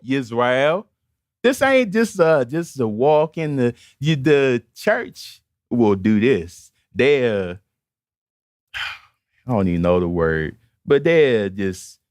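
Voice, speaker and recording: Slow-talking preacher man from Baltimore. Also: mid-range voice, dry recording, studio quality. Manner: emphatic, conversational, with repeated calls to the congregation. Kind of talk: sermon.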